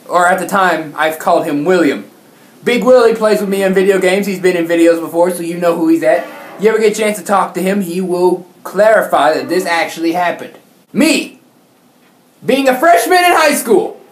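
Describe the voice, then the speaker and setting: A woman YouTuber telling a comic story in an animated, exaggerated, mock-outraged way. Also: medium pitch. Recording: roomy echo.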